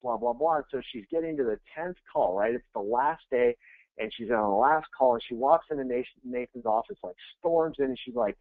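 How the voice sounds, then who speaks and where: A man coaching real estate agents in a webinar, energetic and conversational, blunt and quick to go off on tangents. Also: medium pitch, no echo. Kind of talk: webinar presentation. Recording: tinny, dry phone-like webinar audio.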